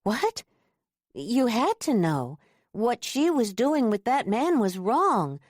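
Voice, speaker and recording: A woman's voice: fairly high pitch, big pitch swings, slow pace, a little mellow, dry recording, studio quality, pitched above the performer's own voice, full character voice. A woman voicing a young woman who is jealous and insistent, talking in a pleading, defensive way.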